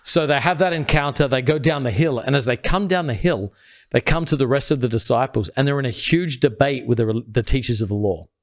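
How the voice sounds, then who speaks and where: A man co-hosting a talk show, explaining a Bible passage in an earnest, step-by-step teaching style, and dropping quiet and low when he quotes scripture. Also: brisk. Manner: earnest, builds points step by step. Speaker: podcast co-host.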